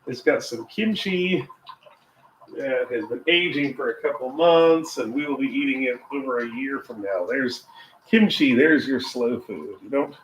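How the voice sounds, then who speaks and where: Cooking at home on a livestream, a US man, a cooking vlogger and English teacher, keeps up a casual, rambling chat full of asides and quiet chuckles. His medium-pitched voice is recorded from a distance in an echoey kitchen with faint background noise.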